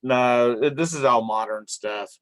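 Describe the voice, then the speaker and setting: A man's voice: medium pitch, slow, no room sound. A man hosting a casual group chat, joking and laughing often. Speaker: show host.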